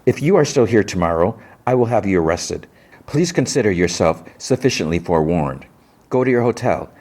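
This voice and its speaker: A stern female police commander, as a deep-voiced man puts her on. She gives short, firm orders and formal warnings. The voice stays low. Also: sing-song, a little fast, darkish tone.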